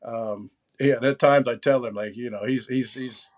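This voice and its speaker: A man's voice: medium pitch, steady tone, moderate pace, a little mellow. A man in his fifties, an interview guest, talking in a loose, rambling way with many restarts. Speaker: interview guest, former magazine writer. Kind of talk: casual interview chat.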